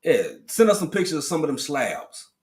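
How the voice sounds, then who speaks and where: A man with a slightly high voice co-hosts a casual live chat from a home room. He talks in a loose, slangy, easygoing way, calling out viewers by name. The sound is plain, from a desk mic. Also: sing-song, brisk, darkish tone. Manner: laid-back, slangy, greets chatters by name. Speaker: livestream co-host.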